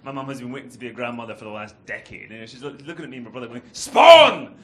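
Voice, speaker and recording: Sweary stand-up comedian. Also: male voice, medium pitch, steady tone, a bit bright. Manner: sweary, rambling, quick asides. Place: comedy club stage. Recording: noisy live club recording.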